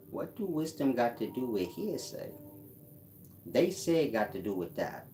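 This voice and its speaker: A man's voice: mid-range voice, very animated, measured pace, mellow, a little hiss or hum. A man hosting a casual livestream, reading out chat comments and answering them in a blunt, mocking way with frequent laughs. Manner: blunt, mocking, laughs at his own jabs.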